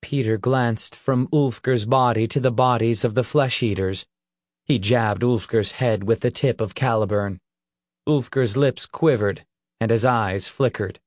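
A man reading an audiobook in a measured, deliberate storytelling manner. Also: medium pitch, steady tone, no room sound, studio quality. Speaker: audiobook narrator. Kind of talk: scripted narration.

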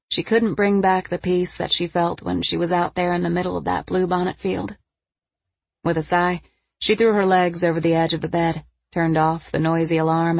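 Husky, low-pitched woman narrating an audiobook. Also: dry recording.

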